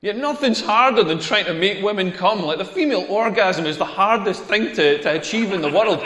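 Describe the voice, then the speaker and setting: Brash Scottish comedian, high voice. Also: male voice, expressive, brisk, fairly bright tone. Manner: brash, rambling, ranting punchlines. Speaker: stand-up comedian. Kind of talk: stand-up comedy set. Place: comedy club stage. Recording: echoey club hall reverb.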